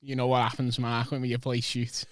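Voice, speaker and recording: A man's voice: mid-range voice, completely flat delivery, moderate pace, fairly bright tone, dry recording, clean studio sound. A man co-hosting a podcast in casual chat, talking loosely and swearing. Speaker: podcast co-host.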